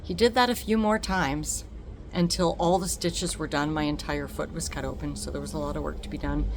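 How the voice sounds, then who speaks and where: A woman telling a personal story on her vlog, emotional and expressive, laughing often. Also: fairly low pitch, a little hiss or hum. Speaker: vlogger.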